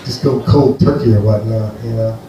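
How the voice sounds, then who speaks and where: Rambling comedian in an echoey club. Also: male voice, on the low side, moderate pace, recorded from a distance, dull audio, background noise. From Greece. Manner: rambling, deadpan, playful with the crowd. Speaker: stand-up comedian. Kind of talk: stand-up comedy set. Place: comedy venue with a live audience. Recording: echoey live room, heard from afar.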